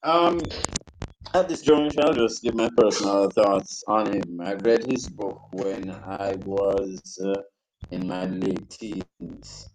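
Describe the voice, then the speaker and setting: A man's voice: deep voice, darkish tone, low-quality recording. A man sharing personal thoughts as a panel guest, hesitant and reflective. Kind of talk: panel discussion.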